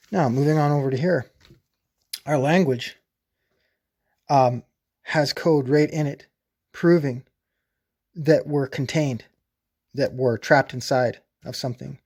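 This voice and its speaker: A man delivering a rambling explanatory monologue to camera, insistent and blunt, with profanity, lingering slowly over puns. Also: medium pitch, darkish tone. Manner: repeats and drags out puns slowly. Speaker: solo video presenter.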